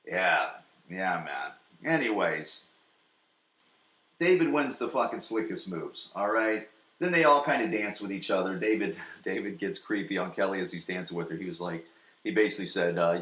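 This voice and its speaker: Man, 40s, podcast host, casual solo recap, profane, excitable, bright voice, roomy echo. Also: deep voice, moderate pace. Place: home basement.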